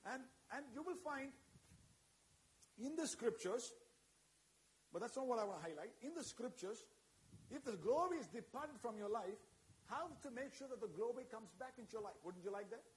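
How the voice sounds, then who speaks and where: A man preaches fervently to a congregation in an extremely high-pitched voice with lively intonation, a moderate pace, and frequent pauses. He keeps calling out amen and hallelujah and putting questions to his listeners.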